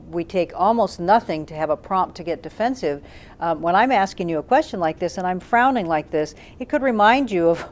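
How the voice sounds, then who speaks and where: A woman with a fairly low voice explains ideas about communication, thinking aloud with "um"s and "uh"s. She talks as a trainer and demonstrates questions with shifts in her tone. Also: darkish tone. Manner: thoughtful, demonstrates questions with tone shifts, frequent um and uh fillers. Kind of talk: explanatory talk to camera.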